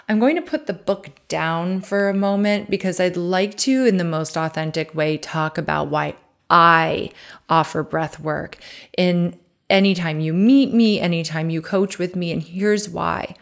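Slow, soft-spoken woman guiding breathing. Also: fairly low pitch. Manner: slow, soft and calm, counting breaths aloud. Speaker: podcast host and coach. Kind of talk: guided breathing meditation.

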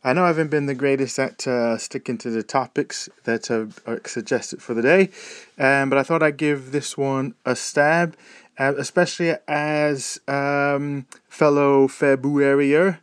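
A man from the United States whose American accent has partly softened after years in Britain, talking casually in an audio diary with lots of ums and uhs. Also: mid-range voice, steady tone, unhurried, clean tone, dry recording, clean studio sound. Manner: rambling, many ums and uhs and self-corrections. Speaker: audio blogger.

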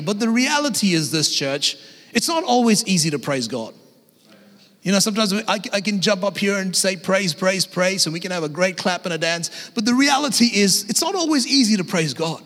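A man in his thirties delivers a lively sermon in a high voice, speaking casually and animatedly to his congregation. His words carry a long reverb from a large church auditorium. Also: normal speed. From Australia. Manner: energetic, conversational preaching with acted-out voices. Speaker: guest pastor.

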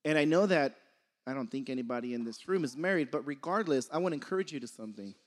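A man's voice: mid-range voice, animated, quick pace. A young man giving a casual sermon, conversational and laughing often, sometimes losing his train of thought. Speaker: preacher.

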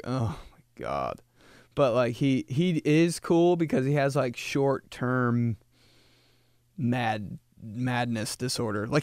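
A young man hosting a podcast, riffing through a casual comedic monologue, laughing often and jumping into high put-on voices when he quotes people. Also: smooth, no room sound, studio quality. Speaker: podcast host.

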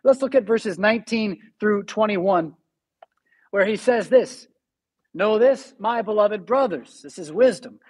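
A man, a pastor, preaching a conversational sermon and reading scripture slowly and with emphasis. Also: high voice, husky.

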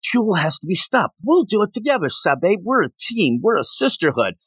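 A man's voice: sits high, big pitch swings, normal speed, a bit bright, husky, no echo, studio quality, pitched above the performer's own voice, exaggerated voice. A man voicing a group of loyal young women handmaidens in an earnest, pleading way.

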